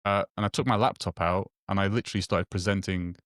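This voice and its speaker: Halting, low-voiced man telling a story. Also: steady tone, a bit bright, dry recording, studio quality. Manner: halting, many restarts and repeated words, acts out quoted dialogue. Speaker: guest telling a personal story. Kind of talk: casual conversational storytelling.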